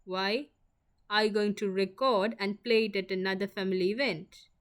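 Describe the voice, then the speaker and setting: A woman's voice: medium pitch, fairly even intonation, normal speed, close to an everyday voice. A woman voicing a proud, stubborn young woman who is hurt and near tears, answering sharply with a trembling edge. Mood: guarded, quiet.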